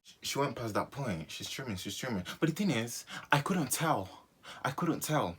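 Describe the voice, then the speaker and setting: A young man, telling a personal story in an animated way for his vlog and repeating phrases for comic effect. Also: mid-range voice, normal speed, husky. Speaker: vlogger.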